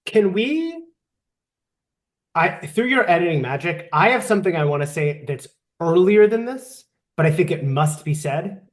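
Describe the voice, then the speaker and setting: A woman co-hosting a podcast, commenting on a book in a casual, animated way with sarcastic asides. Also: lowish voice, measured pace. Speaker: podcast co-host. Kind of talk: casual book-recap chat.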